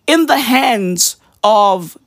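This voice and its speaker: A man delivering a profane, slang-heavy comedic rant on his weekly show, full of mock outrage and sudden high shouts. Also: drawn-out words, no echo, clean studio sound. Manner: profane, animated, peppered with slang. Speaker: comedy podcaster.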